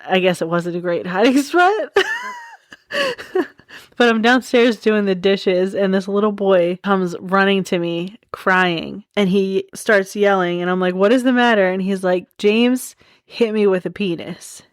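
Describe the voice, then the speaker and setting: A woman's voice: fairly low pitch, dry recording. Giggly chatty woman, dry close sound. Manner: chatty, giggly, tells stories with wry asides. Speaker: podcast host. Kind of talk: casual storytelling podcast.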